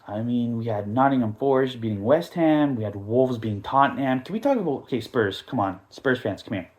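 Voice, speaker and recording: Ranting, joking man with a Canadian accent. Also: medium pitch. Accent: Canadian English. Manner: animated, joking, profane, rambling ranting. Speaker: podcast host. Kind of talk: casual football podcast rant.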